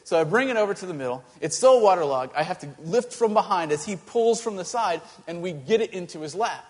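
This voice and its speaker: A male pastor telling a story in a sermon, animated and halting, with many restarts. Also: high-pitched, in a large hall.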